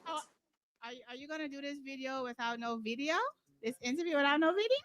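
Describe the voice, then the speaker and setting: Bright-voiced woman interviewer. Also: sits high, fast, no room sound. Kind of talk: casual interview.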